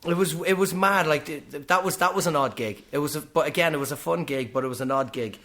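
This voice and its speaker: A middle-aged man with a Dublin Irish accent, chatting as a comedian guest on a podcast in a quick, clipped, animated storytelling way. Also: on the high side. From Ireland. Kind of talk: casual podcast chat.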